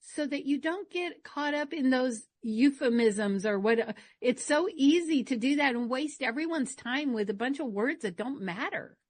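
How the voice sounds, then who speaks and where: A woman hosting a casual podcast chat, sharing radio stories and coaching tips in an animated way. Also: high-pitched, moderate pace, hardly any pauses, no echo.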